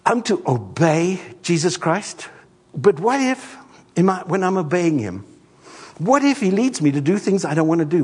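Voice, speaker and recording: A middle-aged man preaching a sermon as a pastor, an animated storyteller who acts out the voices in his stories. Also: mid-range voice, breathy edge, long reverb tail.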